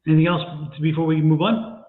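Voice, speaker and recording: A man co-hosting a livestream tarot reading, deliberate and emphatic with a wry edge. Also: a little high, steady tone. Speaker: tarot reader and co-host. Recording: tinny phone-like sound in an echoey room.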